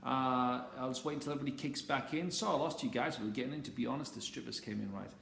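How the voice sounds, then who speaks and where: A man's voice: medium pitch, fast talker, gravelly, a bit bright. A man with a blunt, casual manner who swears freely, giving a dating coach's talk on a phone live stream. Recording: echoey room with faint ambient noise.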